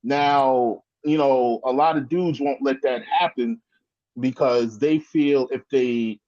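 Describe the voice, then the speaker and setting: A man with a medium-pitched voice talks as a guest in a casual chat, restarting often and leaning on "you know what I mean." The sound is dull and lo-fi. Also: a little mellow.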